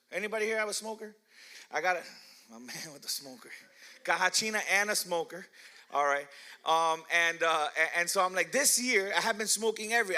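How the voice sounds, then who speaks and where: A man's voice: high-pitched, pushed and bright. A middle-aged man pastor telling playful, self-mocking stories in a sermon, laughing often and asking the crowd questions. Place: church hall.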